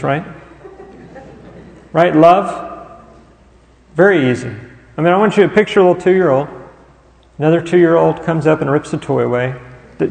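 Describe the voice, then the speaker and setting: Male pastor, sermon delivery, fairly high gravelly voice, long church-hall reverb. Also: a little mellow. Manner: rhetorical questions, pauses on listed words.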